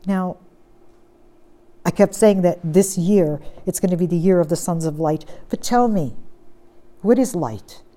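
Lady preacher, middle-aged, gets loud on the big points then drops low and calm. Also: unhurried, long pauses. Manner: emphatic, swings from loud stress to quiet. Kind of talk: sermon.

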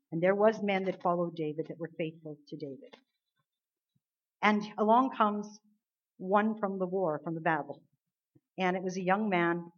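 A woman with a low, husky voice preaching a sermon. She retells the scripture in an earnest, emphatic way and presses her listeners with rhetorical questions. The recording sounds dull and lo-fi. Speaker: Bible teacher.

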